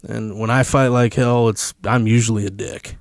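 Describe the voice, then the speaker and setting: A man's voice: lowish voice, fairly even intonation, moderate pace, dry recording, clean studio sound. A man, a podcast guest, telling a story in a casual, blunt and emphatic way, swearing freely.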